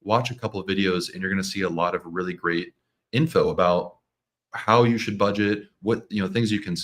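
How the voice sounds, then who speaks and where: A man guesting on a livestream as a mortgage lender, relaxed, repeating words and saying "like" a lot. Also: low-pitched, a little fast. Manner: relaxed, stammers on restarts, uses "like" a lot. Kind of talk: casual interview chat.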